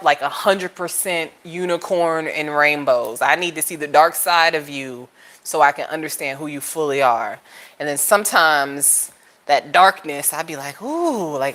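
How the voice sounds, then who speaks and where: A young adult woman with a slightly low speaking voice chats casually to camera as the host of a tarot channel. She tells stories with lots of energy and jumps into high, playful voices when she quotes people. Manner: animated storytelling, jumps to high-pitched voices for quoted lines, laughs often.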